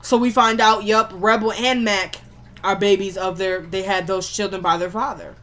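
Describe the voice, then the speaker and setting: A woman's voice: mid-range voice, normal speed. A woman casually recapping a TV episode, talking in a slangy, conversational way and animatedly acting out what the characters said. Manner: animated storyteller acting out quotes. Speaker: TV show recap vlogger.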